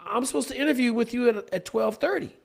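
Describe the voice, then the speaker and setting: A man's voice: very high voice, fast, gravelly, pitched above the performer's own voice, heavily acted. A man voicing a nervous young woman candidate who stammers through her words. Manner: hesitant, stammering.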